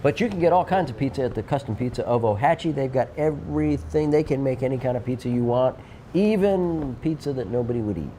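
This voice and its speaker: A man's voice: medium pitch, animated, quick pace, warm tone, slight background noise. A man co-hosting a local TV show, joking and teasing his co-host while reading sponsor plugs. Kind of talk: casual studio chat with sponsor plugs.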